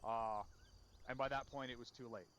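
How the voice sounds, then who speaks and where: A man's voice: mid-range voice, steady tone, normal speed, a bit bright, slight background noise. A man leading a game unit's after-action debrief, blunt and profane as he scolds. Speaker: unit leader.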